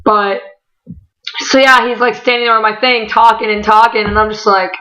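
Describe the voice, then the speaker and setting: A young woman telling a story in a casual vlog, rambling with lots of "like" fillers, bursts of excitement and laughter. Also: on the high side, moderate pace, rough recording. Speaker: vlogger.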